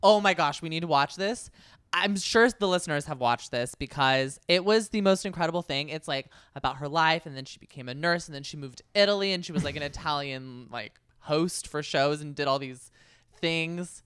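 A podcast co-host in casual chat about a reality show, chatty and quick to laugh, quoting people in animated bursts. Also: medium pitch, clean tone, no room sound, studio quality.

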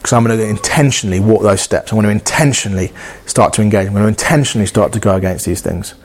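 A man's voice: lowish voice, fast, a little hiss or hum. A man preaching a sermon in an earnest, conversational way, often acting out inner dialogue and repeating phrases.

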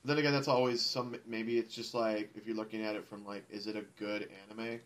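A man's voice: on the low side, level tone, brisk. A young man in a casual group chat who argues his opinions at length, with a lot of likes. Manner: argumentative, explains at length with many likes. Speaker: anime podcast co-host.

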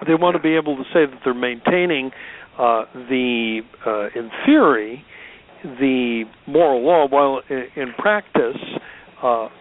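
A man's voice: medium pitch, animated, unhurried. A man in a talk show discussion who reads passages and explains them with sardonic asides. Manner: sardonic, chuckles while reading. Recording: phone-like line with faint background noise.

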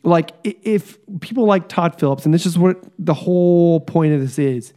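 A man co-hosting a casual podcast chat, ranting in a profane, animated way. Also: on the high side, moderate pace, clear, resonant tone. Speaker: podcast co-host.

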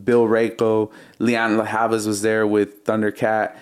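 Lowish-voiced man telling studio stories. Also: unhurried, clear, resonant tone. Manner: animated, imitates beats and quotes others. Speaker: music producer guest. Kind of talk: casual storytelling interview.

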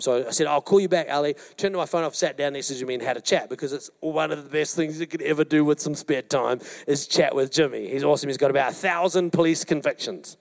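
Animated male pastor telling a story. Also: on the high side. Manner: animated storyteller, acts out quotes, addresses congregation. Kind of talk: sermon with storytelling. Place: church hall.

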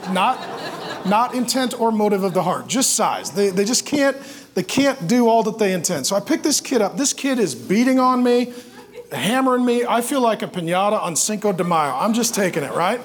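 A man preaching a sermon, telling a personal story with big swings from loud, joking delivery to quiet, tender prayer. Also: sits high, a little hiss or hum. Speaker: pastor.

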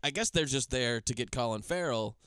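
A man's voice: mid-range voice, animated, a little fast, a bit bright, clear, resonant tone, dry recording, clean studio sound. A man casually recapping a movie plot on a podcast, rambling and profane, breaking into mocking impressions of the characters. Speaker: podcast co-host.

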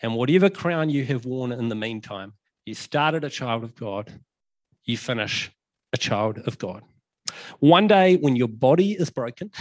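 A man's voice: fairly high pitch, dry recording. A man preaching a sermon in a conversational way, with lots of ums and emphatic repetitions.

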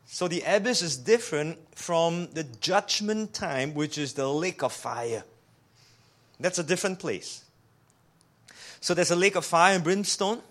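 Male preacher with a high voice, animated sermon delivery, rhetorical questions, quick restarts. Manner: repeats words when restarting.

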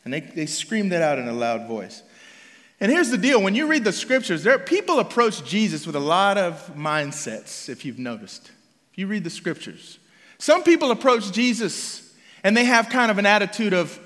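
A man's voice: sits high, big pitch swings, moderate pace, a bit bright, big-room sound. A man preaching a sermon as pastor in a conversational, emphatic way, often restarting his phrases.

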